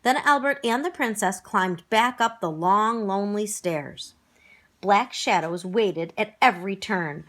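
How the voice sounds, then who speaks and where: A woman's voice: medium pitch, unhurried, a bit bright. A woman narrating a children's storybook aloud, acting out the characters expressively.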